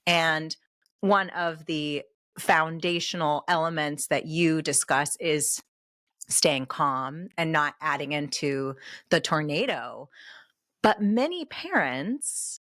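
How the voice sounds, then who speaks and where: A woman's voice: low voice, fairly bright tone, dry recording, clean studio sound. A woman hosting an interview podcast, reflecting at length in long, thoughtful sentences. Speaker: podcast host. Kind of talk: conversational interview.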